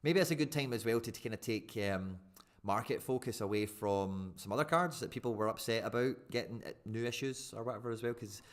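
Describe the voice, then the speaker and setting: A man chatting casually and excitably on a live stream, rambling with fillers as he answers viewers. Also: medium pitch, fairly quick.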